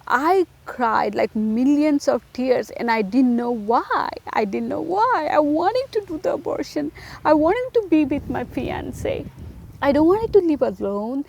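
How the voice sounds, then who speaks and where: A woman's voice: high-pitched, gravelly, darkish tone, husky. A woman giving an emotional personal testimony, talking earnestly to the listener and repeating phrases for emphasis. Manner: direct address to the listener.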